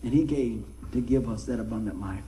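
A man's voice: on the low side, fairly quick, dark tone, roomy sound, slight background noise, rough recording. A man preaching a sermon in a folksy, conversational way, often asking his listeners questions.

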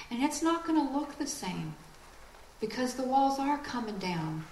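A woman giving a lively, conversational sermon with quick asides. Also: a little high, reverberant, a little hiss or hum, rough recording. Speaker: speaker.

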